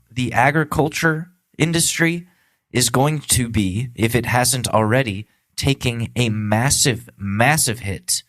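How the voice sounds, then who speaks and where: A man's voice: mid-range voice, a bit bright, no room sound. A man hosting a podcast, ranting sarcastically with lots of swearing in a comedic political monologue. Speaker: podcast host.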